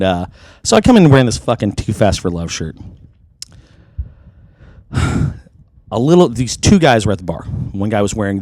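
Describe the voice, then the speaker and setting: A man co-hosting a casual podcast over drinks, telling stories in an animated, profane way. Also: lowish voice, no room sound, clean studio sound. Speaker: podcast co-host.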